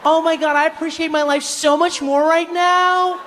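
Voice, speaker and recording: A man voicing a group of gushing tourists in a shrill, drawn-out squeal, recorded in an echoey hall. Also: steady tone, fairly bright tone, a little hiss or hum. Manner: high, breathless, gushing, drawn-out.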